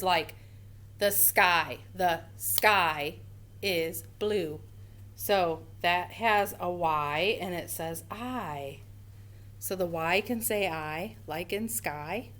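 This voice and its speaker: A woman teaching a first grade phonics lesson, slowly sounding out words for young children. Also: mid-range voice, fairly bright tone.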